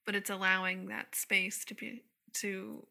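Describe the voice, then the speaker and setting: A woman's voice: medium pitch, level tone, a little slow, vocal fry, sharp tone. A woman hosting a podcast, talking in a casual, reflective way as she searches for her words. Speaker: podcast host. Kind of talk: casual chat.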